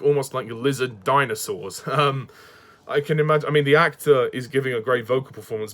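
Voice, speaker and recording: A man's voice: medium pitch, fairly bright tone. A man giving a casual spoken review, hesitant and repeating words, with frequent chuckles.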